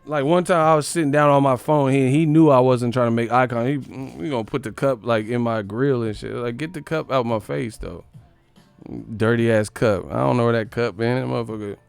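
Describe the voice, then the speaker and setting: A man from the Bay Area hosting a sports live stream, ranting in a profane, animated, comedic way and laughing often. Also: mid-range voice, fairly quick, vocal fry, clean tone, no room sound, faint music behind. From San Francisco Bay Area.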